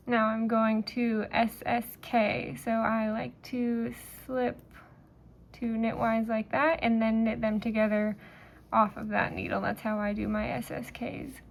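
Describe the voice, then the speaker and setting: Slow, relaxed woman teaching knitting. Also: fairly high pitch, creaky. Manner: relaxed, talks while knitting, fillers and pauses. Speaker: knitting instructor. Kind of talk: step-by-step craft tutorial.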